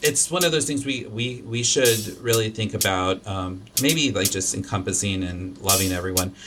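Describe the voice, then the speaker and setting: Low-voiced man rambling in casual chat. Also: moderate pace, background noise. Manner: rambling, many restarts and fillers. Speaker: podcast host.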